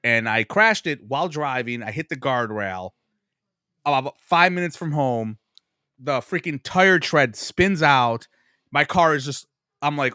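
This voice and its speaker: A man's voice: medium pitch, lively intonation, measured pace, pushed and bright, no echo. Guy in his 40s rambling thru old football stories, swears a lot, dry close mic. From Buffalo, New York. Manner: rambling storyteller, profane, self-mocking. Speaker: podcast guest. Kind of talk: casual sports chat.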